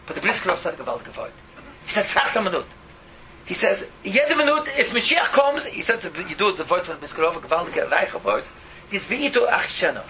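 A man's voice: high voice, animated, brisk, vocal fry, pushed and bright, muffled recording, a little hiss or hum. A man preaching an impassioned sermon, pleading and fiery, weaving Yiddish and Hebrew words into his English.

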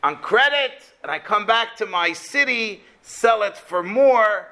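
A man voicing a freezing traveling merchant in a told story, begging and eagerly explaining his trade. His voice is high and bright. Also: expressive, slow pace, exaggerated voice. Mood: pleading. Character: pleading traveling merchant, cold and desperate.

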